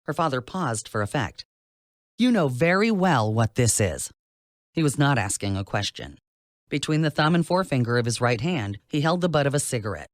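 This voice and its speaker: An audiobook narrator reads a novel with a lively, swinging pitch. The voice sits close to the mic in a dry, dead room, with no echo at all. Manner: expressive reading with lively pitch. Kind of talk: scripted narration.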